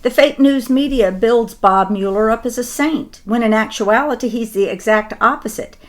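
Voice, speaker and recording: An emphatic woman co-hosting a political talk show, her voice sitting a little high. She chats in a conversational way, stressing her points and slipping in asides. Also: normal speed. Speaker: co-host. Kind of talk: political commentary chat.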